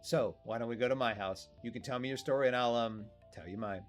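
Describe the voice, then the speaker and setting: A man's voice: medium pitch, fast, faint music behind, close to an everyday voice. A man voicing a curious, forward young woman from a video game, reading her lines in a chatty, eager manner.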